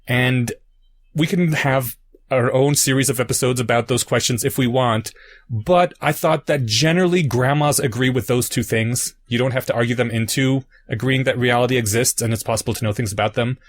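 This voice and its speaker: A man's voice: mid-range voice, moderate pace. Man explaining ideas on a podcast. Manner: explains patiently with analogies. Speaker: podcast co-host. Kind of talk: casual explanatory chat.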